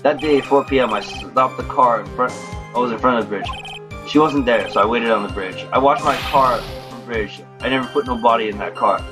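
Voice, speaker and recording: A man voicing a heartbroken, simple-spoken convict who talks in slow, broken phrases. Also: mid-range voice, over music, close to an everyday voice. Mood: pleading.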